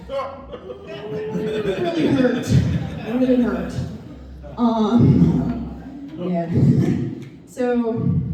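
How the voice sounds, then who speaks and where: Halting woman doing stand-up. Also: medium pitch, mellow, a little hiss or hum. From American South. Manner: halting, filler-heavy, dry self-mocking delivery. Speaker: stand-up comedian. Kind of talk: stand-up comedy set. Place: comedy lounge stage, live audience. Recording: roomy club echo, far mic.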